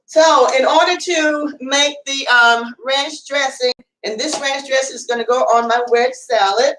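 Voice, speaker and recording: A woman's voice: high-pitched, steady tone, measured pace, a bit bright, far from the mic, a little hiss or hum. A woman hosting a casual home cooking show, chatting and rambling as she cooks, with plenty of fillers. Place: home kitchen. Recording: echoey room, away from the mic.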